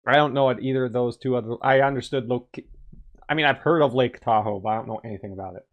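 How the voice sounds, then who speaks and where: A man casually commenting on a video game as he plays, joking and animated, often laughing. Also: medium pitch, fast. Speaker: gaming channel host. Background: faint game music.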